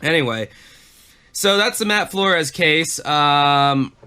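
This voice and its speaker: Bright-voiced man cursing through casual chat. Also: on the high side, slow, smooth. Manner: swears freely, animated. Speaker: podcast co-host.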